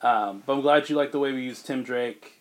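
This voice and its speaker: A man hosting a casual chat, telling a film pitch with lively character voices and frequent laughs. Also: a little fast, noisy background. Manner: animated storyteller, does character voices, laughs often. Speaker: podcast host pitching a film. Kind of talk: casual chat, acting out scenes.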